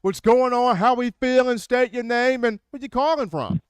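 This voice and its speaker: A man hosting a sports call-in show, energetic and quick, taking callers with repeated catchphrases. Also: extremely high pitch, smooth, no echo.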